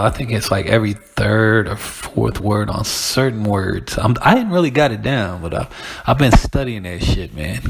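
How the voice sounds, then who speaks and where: Gravelly, husky man rambling casually. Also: lowish voice. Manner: rambling, profane, laughing asides. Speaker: podcast host. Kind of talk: casual monologue.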